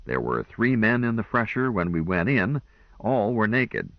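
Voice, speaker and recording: Deep expressive male audiobook narrator. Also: unhurried, no room sound. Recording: dull lo-fi dry recording.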